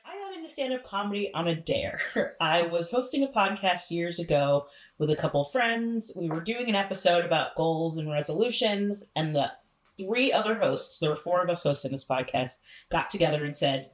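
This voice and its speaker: Woman comic telling stories in an echoey room. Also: fairly low pitch. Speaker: comedy producer and stand-up comedian. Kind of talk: interview answers.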